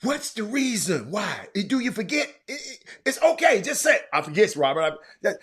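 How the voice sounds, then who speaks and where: A man hosting a livestream, stammering and repeating himself, muttering low one moment and shouting the next. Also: sing-song, moderate pace, breathy edge. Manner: repetitive, stammering, talks straight to viewers; swings from quiet muttering to loud shouting. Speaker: livestream host. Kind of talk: casual livestream chat.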